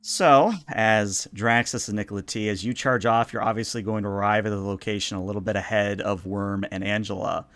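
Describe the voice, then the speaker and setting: A man narrating a tabletop role-playing game as game master, in a relaxed, meandering way. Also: fairly low pitch, a little fast, few pauses, no room sound.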